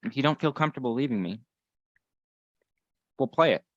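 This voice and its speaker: A man playing a tabletop game, thinking out loud in a tentative, searching way. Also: mid-range voice, lively intonation, fairly quick, no room sound, lo-fi sound. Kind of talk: casual chat at a game table.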